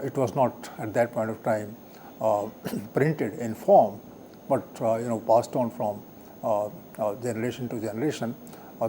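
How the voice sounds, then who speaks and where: Older man lecturing, halting and mellow. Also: mid-range voice, slight background noise. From India. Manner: halting, with many fillers and throat clearing. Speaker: guest lecturer. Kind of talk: live televised lecture.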